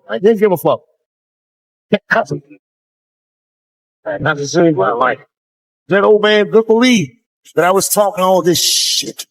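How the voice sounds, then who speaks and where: A man performing live stand-up comedy, telling profane stories that swing into shouted rants. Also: sits high, long reverb tail. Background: audience laughter.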